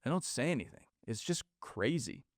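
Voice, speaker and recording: A man's voice: medium pitch, sing-song, normal speed, no echo, studio quality. A man, hosting a solo podcast in a blunt, sarcastic way that mocks corporate speak. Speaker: podcast host.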